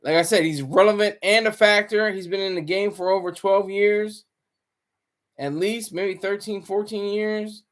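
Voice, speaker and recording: A man's voice: high voice, fairly even intonation, normal speed, a bit bright. A man giving casual, rambling livestream commentary, often breaking off mid-sentence and chuckling. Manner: rambling, self-interrupting.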